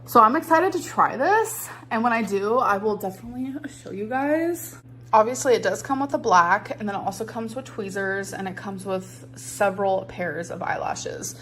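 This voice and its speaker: A woman vlogger chatting casually to her viewers, her phrases curling upward at the end. Her voice sits at an ordinary, middle pitch for a woman. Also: animated, moderate pace, fairly bright tone, slight background noise. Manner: upward inflection at ends of phrases. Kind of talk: casual vlog.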